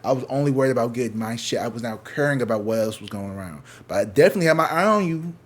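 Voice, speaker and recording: A man with a St. Louis accent telling a swearing-heavy story, casual and animated, acting out what other people said. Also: mid-range voice, very fast. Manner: profane, animated, acts out other people's lines. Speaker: tarot reader telling a story.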